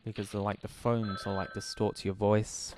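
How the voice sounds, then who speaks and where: A man's voice: fairly low pitch, flat delivery, moderate pace, background noise. A man giving a director's commentary on his old videos, self-mocking and laughing often. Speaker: YouTuber.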